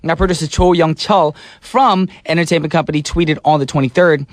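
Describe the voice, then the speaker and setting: A man hosting a pop radio show, full of playful energy and slang. His voice sits a little high. He is recorded in a dry, close studio. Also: steady tone, fairly quick, few pauses, dry recording. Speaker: radio DJ and host. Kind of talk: radio DJ chat. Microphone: studio microphone.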